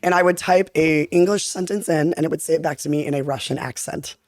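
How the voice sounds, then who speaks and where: A young adult woman on a podcast spills out an animated story at a brisk clip, packed with filler words. Her voice sits close and dry, with no room sound around it. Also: low-pitched, no echo. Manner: animated, rapid talker full of fillers. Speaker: podcast guest, content creator. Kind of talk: casual storytelling chat.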